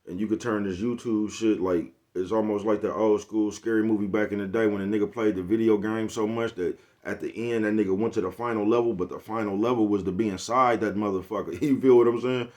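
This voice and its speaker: Male vlogger, lowish voice, loose slangy monologue, keeps checking in with his audience. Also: a little mellow. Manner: laid-back slangy rant, repeats "you get what I'm saying". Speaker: channel host. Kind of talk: casual vlog monologue.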